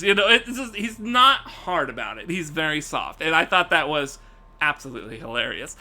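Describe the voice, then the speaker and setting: Animated high-pitched male streamer. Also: normal speed. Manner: animated, profane, laughing often. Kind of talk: casual live-stream rant.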